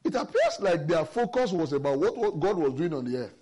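Male preacher, husky and animated, emphatic scripture exposition. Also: a little high, brisk. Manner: lively, emphatic Bible exposition with personal stories. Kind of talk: sermon.

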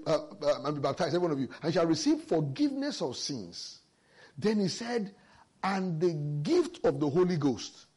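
Guy preaching a sermon, kinda husky voice, really lively and emphatic. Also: a little high. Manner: lively, emphatic Bible exposition with personal stories.

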